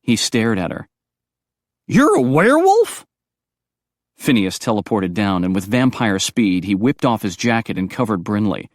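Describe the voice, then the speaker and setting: A man reading audiobook narration in a brisk, expressive storytelling manner. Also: fairly low pitch, no room sound, clean studio sound.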